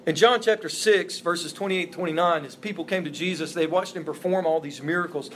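Man, pastor, sermon, earnest, emphatic, slightly high voice, faint background hiss. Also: a little fast, a bit bright. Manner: earnest, emphatic preaching with repeated phrases. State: emotional, voice breaking.

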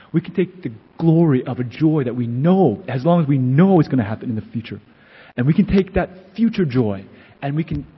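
A man preaching a sermon in an earnest, emphatic way with a husky voice. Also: medium pitch, muffled recording. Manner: earnest, building to emphatic then settling quiet.

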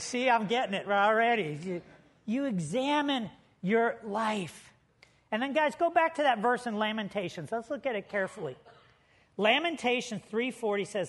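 Pastor, high-pitched man, emphatic sermon delivery. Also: animated, moderate pace, a bit bright. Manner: emphatic preaching, addressing listeners as friends.

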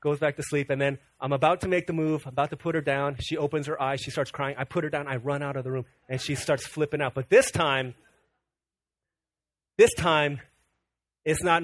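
A young male pastor with a fairly high voice tells a story from his family life in a sermon, playing each person's lines and repeating phrases to drive his point home. The sound is close and dry, with almost no room echo. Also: steady tone, moderate pace.

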